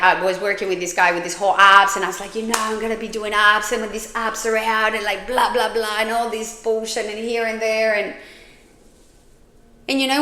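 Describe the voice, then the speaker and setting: A woman's voice: mid-range voice, pushed and bright. A woman hosting a personal storytelling podcast, talking candidly in a rambling way with lots of fillers and swearing. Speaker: podcast host. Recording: roomy echo.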